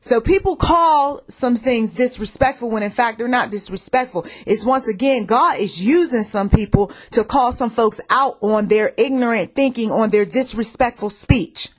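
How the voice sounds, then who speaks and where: A woman's voice: a little high, normal speed, hardly any pauses. A woman giving a plainspoken faith message in a conversational way, repeating phrases for emphasis and often checking in with "okay?". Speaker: faith-based audio message speaker.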